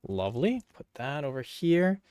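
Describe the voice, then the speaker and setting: A man's voice: on the high side, very animated, moderate pace, a little mellow, smooth, no echo. A man giving casual, playful running commentary while he works, joking with viewers and talking to himself. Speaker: PC hardware video creator.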